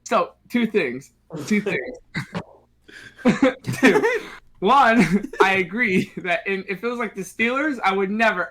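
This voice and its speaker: A man co-hosting a sports podcast, excitable and laughing often, repeating words for emphasis. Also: high-pitched, slow, pauses often. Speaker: podcast co-host. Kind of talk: casual sports chat.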